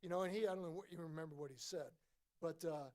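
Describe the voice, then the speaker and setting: A man in his sixties recounts a story at a book event in casual, lively fashion. His voice sits a little high for a man, and he slips into the voices of the people he quotes. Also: fast talker. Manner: animated anecdote teller, acts out voices in quotes. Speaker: former baseball player, guest.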